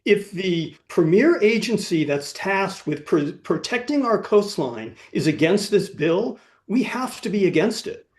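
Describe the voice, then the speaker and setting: A man's voice: high voice, very animated, measured pace, few pauses. A man giving an earnest, firm public comment as a club member at a meeting. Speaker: club member asking a question.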